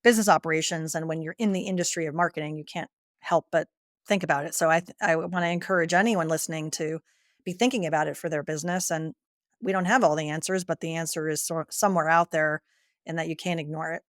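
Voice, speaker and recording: A woman's voice: sits low, fairly even intonation, fast talker, no echo, studio quality. A woman hosting a podcast interview, asking engaged questions in a casual way. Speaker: podcast host.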